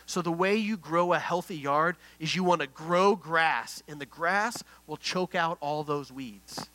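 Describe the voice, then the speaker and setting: A middle-aged male pastor preaching an earnest, story-led sermon. His voice sits a little higher than most men's and rings bright and forceful. He often drops to a near hush for the tender parts. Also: a little slow, poor audio.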